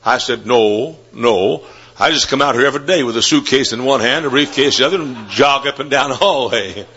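Fiery preacher man, bright voice. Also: mid-range voice, brisk. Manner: rising to loud fervent shouts, storytelling. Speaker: Baptist preacher. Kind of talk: sermon. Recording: dull lo-fi sermon recording.

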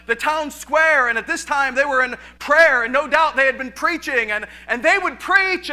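A male pastor with a very high voice preaches a lively sermon in a church, often repeating his words and laughing.

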